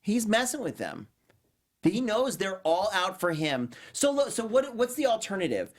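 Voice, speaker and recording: A man co-hosting a podcast, chatting casually in a laid-back, amused way and disagreeing calmly. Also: high-pitched, moderate pace. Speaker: podcast co-host. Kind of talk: casual recap chat.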